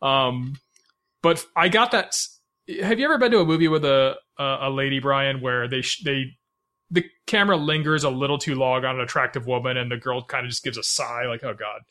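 Brisk and sharp in tone, this medium-pitched man co-hosts a film podcast. He chats casually and rambles, with lots of fillers, restarts and laughter.

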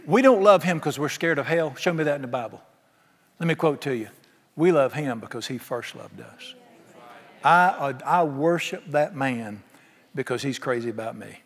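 Folksy preacher in a reverberant hall. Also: male voice, on the high side. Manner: folksy storytelling, acts out quoted dialogue. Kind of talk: sermon.

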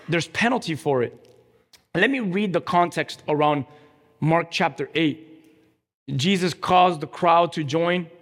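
High-voiced pastor preaching in an echoing hall. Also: male voice. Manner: emphatic, direct exhortation to the congregation. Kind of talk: sermon.

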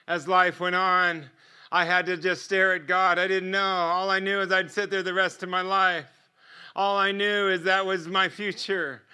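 Brief: American male preacher, higher voice, very bright and ringing tone, storytelling testimony style. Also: clear, resonant tone. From United States. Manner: vivid storyteller who acts out dialogue and laughs often. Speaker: guest preacher.

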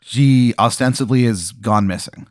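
A man's voice: mid-range voice, unhurried, a little mellow, no echo, clean studio sound. A man narrating an improvised tabletop game as game master, in a loose, rambling, playful way.

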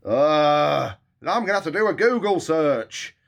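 Put-upon man, slow and swooping. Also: a little high, animated, gravelly. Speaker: comedy podcast co-host and scriptwriter.

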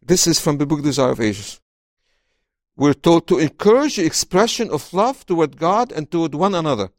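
Lively high-voiced man discussing faith. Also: normal speed, no room sound, clean studio sound. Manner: expressive, repeats words when starting sentences. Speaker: author and guest. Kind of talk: conversational interview, reading aloud.

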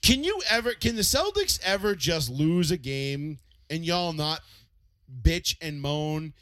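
A man's voice: on the high side, big pitch swings, a little slow, a bit bright, slight background noise. A man co-hosting a podcast, ranting animatedly and profanely in casual sports chat. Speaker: podcast co-host.

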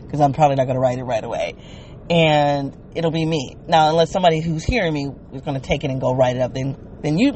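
Middle-aged woman, podcast host, rambling and self-amused, quick laughs. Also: low-pitched, a little mellow, slight background noise. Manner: self-amused, laughs often, thinks aloud. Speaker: podcaster and former teacher. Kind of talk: casual solo monologue.

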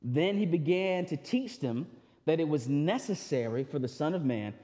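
High-voiced pastor in a hall. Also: male voice, lively intonation, moderate pace, dark tone. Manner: conversational preaching with frequent restarts and asides. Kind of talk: sermon. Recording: long hall reverb.

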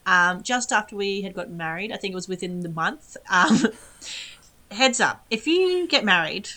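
A young woman co-hosting a podcast, chatting casually with quick asides and frequent laughs. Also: medium pitch, animated, bright, forceful tone. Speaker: podcast co-host. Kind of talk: casual chat.

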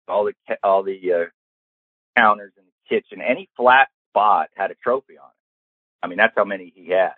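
A man spins a casual anecdote with a low, breathy voice. He acts out the people he quotes, and the sound is dry and thin, like a phone line. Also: no echo. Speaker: storyteller guest.

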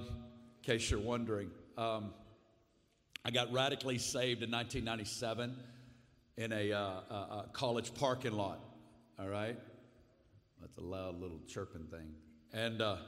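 Forceful Arkansas preacher in an echoing hall. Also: male voice, fairly low pitch. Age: 40s. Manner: folksy storytelling with frequent asides. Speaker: guest preacher. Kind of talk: sermon testimony. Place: large conference hall. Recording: reverberant hall.

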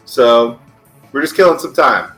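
A man's voice: mid-range voice, measured pace, sharp tone, soft background music, poor audio. A young adult man playing in a tabletop game, blunt and joking, swearing casually in and out of character. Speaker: player. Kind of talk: tabletop role-play, in and out of character.

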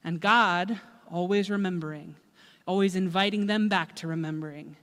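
Woman preaching super casual, chatty with lots of asides, bright voice. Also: lowish voice, moderate pace. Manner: chatty, animated, full of filler words and asides. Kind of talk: casual sermon storytelling. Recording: echoey hall.

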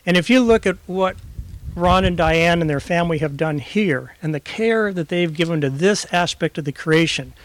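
A man with a somewhat high voice delivers a sermon in a folksy storytelling manner. The sound is dry and close, with no reverb around him. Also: normal speed. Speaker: guest preacher. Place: outdoors in a backyard.

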